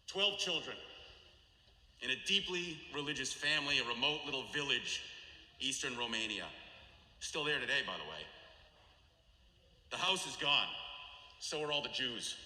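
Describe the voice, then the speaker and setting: A man giving a sermon as a rabbi, telling stories dramatically and slowing and dropping his voice low for solemn moments. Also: pushed and bright. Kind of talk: sermon storytelling. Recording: echoey hall with long reverb.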